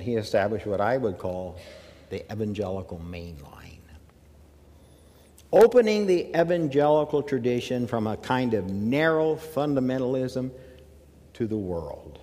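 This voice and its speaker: A man from the American South giving a measured academic lecture, with emphatic phrasing and pauses. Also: medium pitch, big pitch swings, darkish tone, in a large hall. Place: lecture hall.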